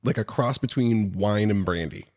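A man co-hosting a podcast, chatting casually over drinks in a relaxed, tired way with short replies. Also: on the low side, moderate pace. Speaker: podcast co-host.

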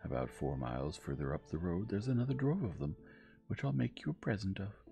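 A man's voice: low-pitched, lively intonation, fairly quick, creaky, dark tone, soft background music. Little Klaus, a chirpy young trickster, as a man puts him on. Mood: boastful.

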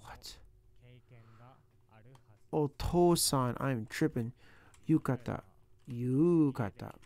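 A man's voice: on the high side, slow, gravelly, clear, resonant tone. A man working aloud through practice sentences, sounding out words and joking to himself as he studies. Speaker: language learner. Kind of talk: self-talk while studying.

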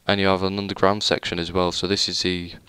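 He speaks fast in a low, flat voice that sounds pushed and bright, smooth, with no room sound. The young man is a gaming YouTuber doing casual let's-play commentary, giving a rambling, self-deprecating game-world tour packed with fillers.

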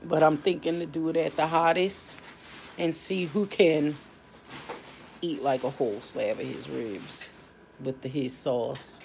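A tired woman chats loosely with her viewers on a home live stream, full of fillers and drawn-out asides. Her voice sits low and has a gravelly fry. Faint room noise hangs behind her. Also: fairly even intonation, a little mellow. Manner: drawling, informal, many fillers. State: tired, yawning. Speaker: family channel host. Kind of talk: casual live-stream chat.

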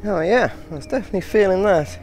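Excitable high-voiced gamer. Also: male voice, fast. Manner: excitable, with sudden whoops and exclamations between calm remarks. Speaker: gaming video host. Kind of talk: casual gameplay commentary. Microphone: personal mic. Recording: game music playing behind.

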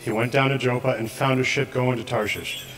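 A man giving a steady, measured liturgical reading of scripture in a church service, with the odd slip. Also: medium pitch. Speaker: scripture reader.

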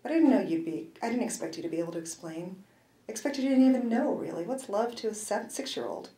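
A woman's voice: mid-range voice, expressive, fast, warm tone. Woman author reading in a roomy hall. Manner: wry first-person delivery with brief asides. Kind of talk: reading aloud from her novel. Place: university event hall.

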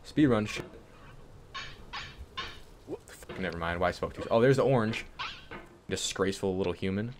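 A young man giving casual gameplay commentary, swearing and swinging between yelling and low mumbling. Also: quick pace, noisy background. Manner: swears and insults the game. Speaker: gaming YouTuber.

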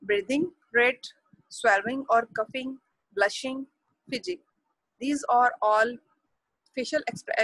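Husky-voiced Indian woman teaching a lesson. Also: a little high, a bit bright, no echo, poor audio. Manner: halting, with restarts, switching between English and Hindi. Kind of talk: classroom lecture.

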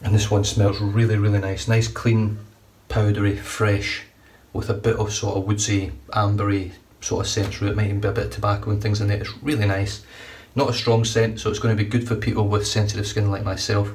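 A man's voice: fairly low pitch, little pitch movement, a little fast, a little mellow. Chatty man reviewing shaving gear. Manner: enthusiastic, rambling, chatty. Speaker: shaving vlogger. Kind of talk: casual product review. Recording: distant mic, faint room noise.

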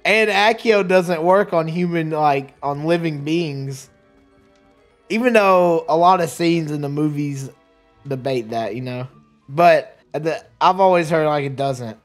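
Chatty higher-voiced man gaming. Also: takes it slowly. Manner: rambling, chatty, laughs often, trips over words. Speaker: let's play streamer. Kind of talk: casual gameplay commentary. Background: faint game music.

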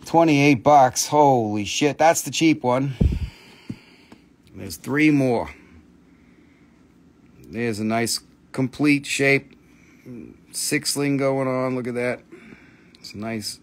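A man's voice: medium pitch, takes it slowly, pauses often. A man hosting a live gemstone sale stream, calling out prices in blunt, casual patter and swearing freely.

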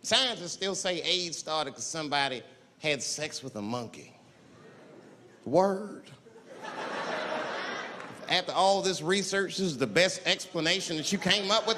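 A man doing a stand-up comedy routine, telling a story and shouting out the people in it. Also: a little high, unhurried, pauses often, slight background noise. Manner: animated storytelling with shouted voices. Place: comedy club stage. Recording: echoey club with crowd laughter.

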